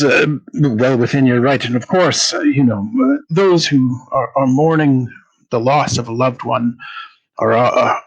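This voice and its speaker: A man's voice: mid-range voice, slightly rough, low-quality recording. A man voicing a pompous, courteous male traveler who speaks in a flowery, hesitant way. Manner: flowery, over-polite, hesitant.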